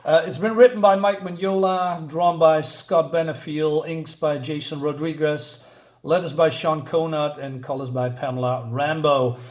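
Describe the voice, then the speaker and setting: A man hosting a relaxed comic review video, walking viewers through the plot. He pauses often to search for words and leans on fillers as he goes. His speaking voice sits a little higher than most men's. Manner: hesitant, many fillers while retelling a plot.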